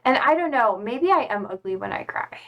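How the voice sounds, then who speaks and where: A woman with a high-ish, animated voice talks a little fast while live-streaming from home, the recording's highs cut off. She rambles casually into a desk mic, using lots of fillers and reading viewer comments aloud.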